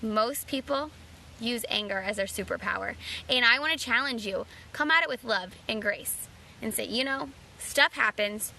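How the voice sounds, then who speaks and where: A woman's voice: a little high, normal speed, creaky, pushed and bright, slight background noise. A woman in her thirties, a mom, giving an earnest motivational talk and challenging listeners with direct questions. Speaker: mom vlogger.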